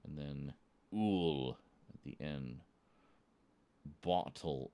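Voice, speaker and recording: A man's voice: very deep voice, wildly swooping pitch, very slow, pauses often, a little mellow, smooth. A British man streaming, chatting casually with his chat and joking, often chuckling at his own jokes. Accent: British English. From Britain.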